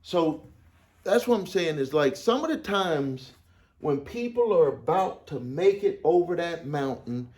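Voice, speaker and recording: Male business coach, slightly high voice, loose storytelling with lots of repetition. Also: expressive, measured pace, darkish tone. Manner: repeats phrases for emphasis, restarts often. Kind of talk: casual storytelling to camera.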